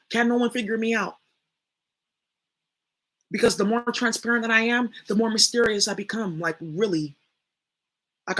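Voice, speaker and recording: A woman's voice: mid-range voice, fairly bright tone. A young woman, talking straight to her viewers in a blunt, profane, emphatic monologue. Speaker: spiritual reader and channel host. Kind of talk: casual spoken monologue.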